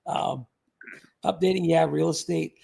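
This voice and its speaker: On a laid-back livestream, a man with a fairly high, gravelly and creaky voice wanders from one viewer comment to another, cracking jokes and thanking each person by name. His tone stays steady and mellow, and he speaks a little slowly.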